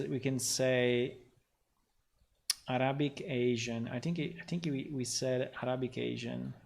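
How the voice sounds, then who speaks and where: A man talking casually on a livestream as a game developer, thinking aloud in a rambling way with lots of ums and restarts. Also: medium pitch. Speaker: game developer streaming his work. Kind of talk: casual livestream talk while working.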